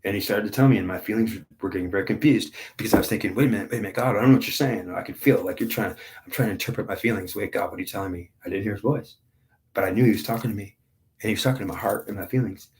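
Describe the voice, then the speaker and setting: Man, 50s, low voice, spiritual reader, intense and repetitive with halting restarts. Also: darkish tone. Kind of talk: spiritual monologue.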